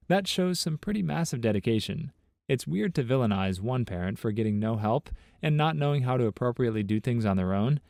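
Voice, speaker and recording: A man's voice: mid-range voice, vocal fry, darkish tone, no room sound, studio quality. Man reading internet stories aloud. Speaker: narrator of online story compilations. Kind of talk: scripted narration of reader stories and comments.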